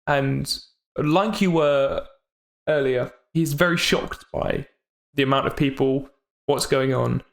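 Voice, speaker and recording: A man narrating a tabletop game as game master, halting and quick to laugh. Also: mid-range voice, vocal fry, echoey room. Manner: halting, laughs often, uses fillers.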